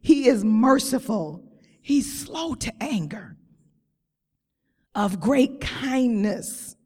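A woman's voice: a little high, animated, a little mellow, breathy edge, in a large hall. A woman preaching a sermon in a church, drawing out her words with emphasis and calling on the congregation. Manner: slow, drawn-out emphatic phrasing, call-and-response. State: close to tears.

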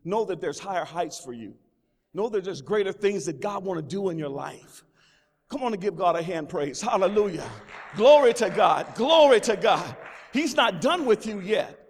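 A man preaching as pastor, his voice very high and lively, rising and falling as he repeats phrases and calls out praise. The sound rings with the long reverb of a large church sanctuary. He stumbles and restarts as he builds to his points. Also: moderate pace, slight background noise. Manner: preaching with call-and-response exclamations and repeated phrases. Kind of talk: sermon.

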